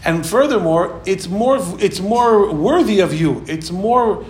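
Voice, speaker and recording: A man giving a Torah class lecture, telling stories with lively acted-out quotes. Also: sits high. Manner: animated storytelling, acts out quoted voices. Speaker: Torah teacher. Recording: echoey room with faint background noise.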